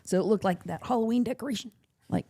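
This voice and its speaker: A woman podcast host telling a story in casual chat. She talks in an animated way, swears freely and laughs often. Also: medium pitch, fast talker, vocal fry, husky.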